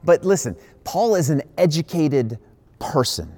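A man's voice: fairly high pitch, sing-song, measured pace, a little mellow. A man from the Midwest preaching a sermon as a pastor, casual and emphatic, with many asides. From Midwestern United States.

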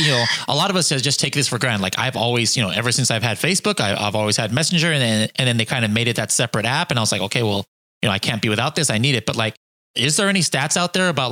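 Bright-voiced chatty male podcast host. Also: mid-range voice. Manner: joking, loose, chatty with quick restarts. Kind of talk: casual interview chat.

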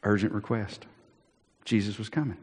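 A man, a pastor preaching a sermon, animated and acting out the Bible scenes he tells, with frequent restarts. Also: on the low side, normal speed, husky. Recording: long reverb of a large hall.

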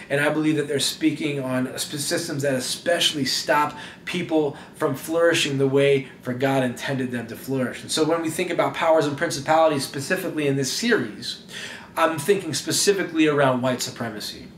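A man preaching a sermon in an animated, conversational way that often repeats words as he goes. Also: mid-range voice, reverberant, slight background noise. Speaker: pastor.

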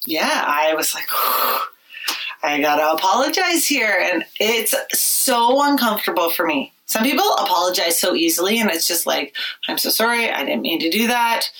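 A woman talks casually and candidly, in a bright, clear-edged voice. She sighs now and then and swears when she gets worked up. She sits a little back from the microphone, so she sounds slightly distant. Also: on the low side. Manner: candid and reflective, sighing, swears when heated. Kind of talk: casual chat.

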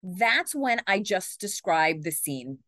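Fast-talking woman news anchor, dry sound. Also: on the low side, dry recording. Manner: fast, animated talker who acts out quotes. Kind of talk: conversational interview.

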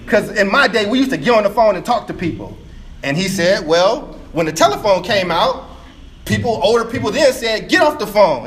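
A man speaking casually to a live audience about schools, lively and conversational, full of quick asides and fillers. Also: high-pitched, slight background noise. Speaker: education speaker taking audience questions. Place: meeting room with a live audience.

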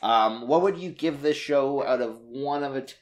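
A man co-hosting a casual podcast, animated, running the segments and sign-off. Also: medium pitch, moderate pace. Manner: animated, wraps up the show. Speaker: podcast co-host. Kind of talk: casual chat.

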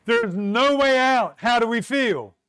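A man preaching a sermon, slow and emphatic, asking rhetorical questions and leaning on dramatic pauses. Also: very high-pitched, animated, fairly bright tone, smooth.

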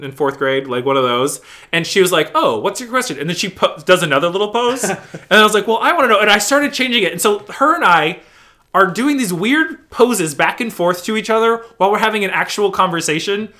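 A man with a fairly high, bright and forceful voice chats in an interview. He tells theater stories in a gushing, animated way and slips into little voices for the people he quotes. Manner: animated, gushing storyteller who acts out quotes. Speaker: interview guest, theater company manager. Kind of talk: casual interview chat.

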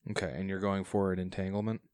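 A man acting as game master, explaining rules in a measured way with frequent restarts. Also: low-pitched, completely flat delivery, darkish tone, smooth, no room sound. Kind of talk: running a tabletop game.

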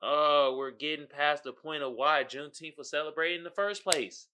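A man hosting a casual comedic commentary show, speaking, animated with loud outbursts and laughing asides. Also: on the high side, normal speed, slight background noise. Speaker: podcast host.

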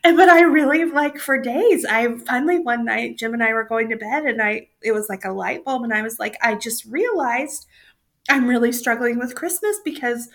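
A woman's voice: on the high side, moderate pace, a bit bright. A woman co-hosting a podcast in casual chat, thinking aloud and searching for her words. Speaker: podcast co-host.

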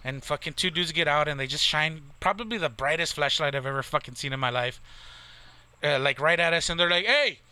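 A man's voice: on the high side, fairly quick, bright, forceful tone, clear, resonant tone, dry recording. Swearing Texan man telling a story. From Texas, near the Mexican border. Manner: profane, rambling, lots of "like" and "right?". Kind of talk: casual storytelling.

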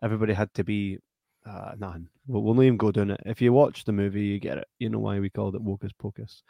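A man's voice: lowish voice, fast talker, gravelly, dry recording. A man, co-hosting a podcast and chatting bluntly about a film sequel, swearing freely. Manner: blunt, sweary, animated when ranting. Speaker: podcast co-host. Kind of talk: casual film review chat.

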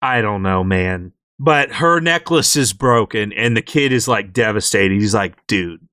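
A young man on a podcast, telling a game story in an animated way and jumping into character voices, in a dry close recording. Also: on the low side, a little slow, clear, resonant tone, no room sound. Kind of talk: casual game recap chat.

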